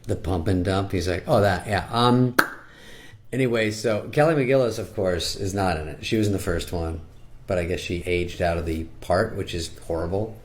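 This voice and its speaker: An older man doing a sarcastic, deadpan comedy riff, slipping into quick high-pitched impressions. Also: a little hiss or hum. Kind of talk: comedic monologue.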